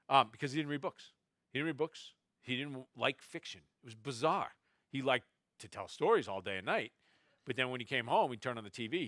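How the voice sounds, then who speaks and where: A man telling family anecdotes to a festival audience, quoting relatives in quick asides. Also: medium pitch, sharp tone, no room sound, clean studio sound. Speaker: novelist speaking at a festival. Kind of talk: storytelling talk to an audience. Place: festival stage before a live audience.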